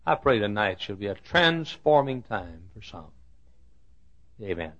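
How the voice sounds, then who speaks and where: A man preaching a sermon, telling a Bible story with dramatic swings from loud declarations to hushed asides. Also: lowish voice, sing-song, measured pace, highs cut off. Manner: acts out the Bible characters' lines.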